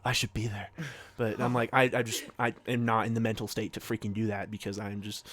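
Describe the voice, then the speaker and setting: A man's voice: fairly low pitch, little pitch movement, quick pace, fairly bright tone. A young man co-hosting a casual podcast, telling a story to friends in a rambling, profane way full of fillers and acted-out quotes. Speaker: podcast co-host.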